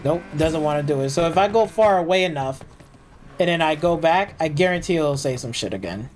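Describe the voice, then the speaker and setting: A man's voice: on the high side, lively intonation, brisk, a little hiss or hum, rough recording. A man streaming live gameplay commentary, ranting and swearing constantly, with loose, filler-heavy speech full of restarts. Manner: profane, ranting, complaining. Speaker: gaming streamer.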